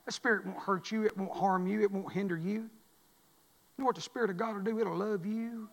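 A man preaching as pastor in a church, repeating lines and building to loud, shouted climaxes. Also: sits high, fairly even intonation, fairly quick, gravelly. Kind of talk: sermon. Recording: long reverb of a church hall.

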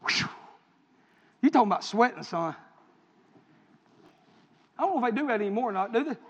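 Very high-voiced preacher, echoing hall. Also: male voice, animated, fast talker, breathy edge. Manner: impassioned storytelling preaching, swinging from loud to hushed. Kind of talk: sermon. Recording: echoey hall, dull lo-fi sound.

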